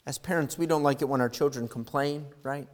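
A man preaches a sermon at an ordinary mid pitch, dropping low and quiet before rising into loud, impassioned calls. His voice rings with a long reverb, as in a large church hall. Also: fairly quick. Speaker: pastor.

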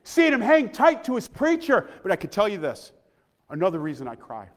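A man's voice: high voice, wildly swooping pitch, brisk. Man preaching heartfelt in a reverberant church. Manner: heartfelt, emotional testimony, often dropping very soft. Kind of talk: sermon. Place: church sanctuary. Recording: long reverb of a large hall.

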